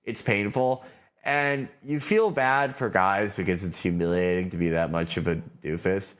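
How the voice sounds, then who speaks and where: A man with a low voice talking on a podcast mic. He rambles through crude, joking banter, piling up fillers and curses as he goes. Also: steady tone, normal speed, a bit bright, clean tone. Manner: rambling, profane, lots of fillers. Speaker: podcast guest.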